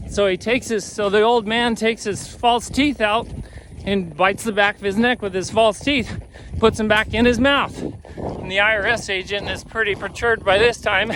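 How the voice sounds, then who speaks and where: A man's voice: high voice, steady tone, normal speed, fairly bright tone, a little hiss or hum. A man, a horse trainer, telling a folksy joke outdoors while riding a horse. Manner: folksy storytelling.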